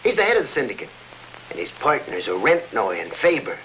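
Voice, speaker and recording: A man's voice: mid-range voice, huge pitch swings, brisk, pushed and bright, rough recording. An actor playing a scheming, greedy gangster boss who gloats as he blackmails, in a 1940s radio drama with faint hiss. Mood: gloating. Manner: gloating, tough-guy snarl.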